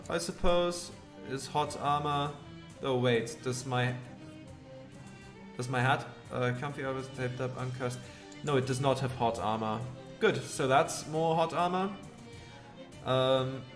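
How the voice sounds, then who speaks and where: A man who is not a native English speaker, casually commenting on a game he plays and reading its text aloud, with hesitant, muttered asides. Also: medium pitch. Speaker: streamer.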